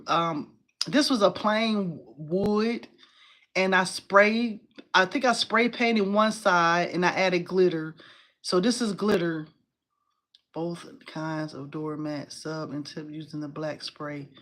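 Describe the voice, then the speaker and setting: A woman in her forties hosting a casual crafting livestream, chatty and animated, talking to viewers and reading their comments. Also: lowish voice, slow. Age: 40s. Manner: chatty and animated, addresses viewers as y'all, laughs often.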